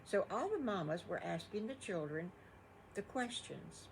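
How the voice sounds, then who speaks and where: A woman's voice: medium pitch, expressive, unhurried, gravelly, slight background noise, rough recording. An older woman telling improvised children's stories, folksy and rambling. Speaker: grandmother storyteller. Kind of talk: improvised bedtime storytelling.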